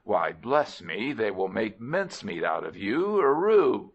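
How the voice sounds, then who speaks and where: A man voicing an excitable male elephant who shrieks and trumpets as he talks. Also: on the low side, unhurried, full character voice. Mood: excited. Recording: dull lo-fi recording.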